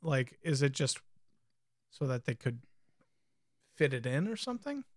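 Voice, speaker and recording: A man co-hosting a podcast, chatting casually and thinking aloud with many pauses and ums. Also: medium pitch, big pitch swings, dry recording, clean studio sound. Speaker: podcast co-host. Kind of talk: casual chat about card games.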